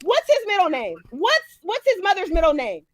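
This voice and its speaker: A woman's voice: very high-pitched, huge pitch swings, moderate pace, a bit bright, no room sound. A woman on a livestream, ranting angrily and firing the same questions over and over. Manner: angry, confrontational, repeats questions. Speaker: streamer in an online dispute. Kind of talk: heated livestream rant.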